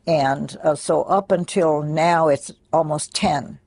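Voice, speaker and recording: An older woman quietly recounting a personal memory in a soft, halting way with many pauses. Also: deep voice, fairly even intonation, no room sound. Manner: soft-spoken, pausing, many fillers. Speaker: interviewee. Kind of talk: personal recollection.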